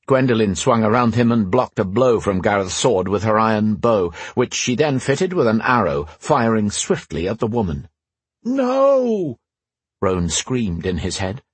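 A man reading a fantasy audiobook, telling the story in a measured, expressive way. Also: fairly low pitch, slightly rough, no echo. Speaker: narrator. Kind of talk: scripted fantasy audiobook narration.

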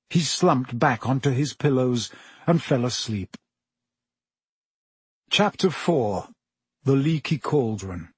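A man narrating a storybook in a measured, even manner as an audiobook reader. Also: mid-range voice, slightly rough, dry recording.

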